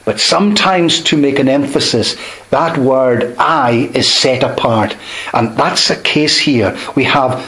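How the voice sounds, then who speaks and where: A man with an expressive mid-range voice preaches a sermon, expounding scripture with measured emphasis and dropping softly on key words. The audio quality is poor.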